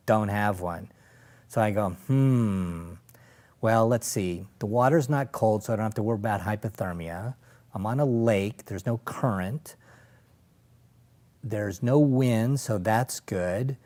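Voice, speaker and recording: A middle-aged man with a fairly low voice tells his stories as an interview guest. He is animated, slipping into other people's voices and laughing along the way. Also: a little slow. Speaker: guest, safari operator and former lawyer. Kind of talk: anecdotal storytelling in conversation.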